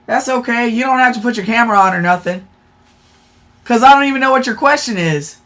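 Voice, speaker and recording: A woman's voice: fairly high pitch, a little fast, fairly bright tone. A woman hosting a casual livestream, blunt and profane, talking straight to her chat and calling them y'all, with a sore throat. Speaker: livestream host. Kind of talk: casual live-stream chat.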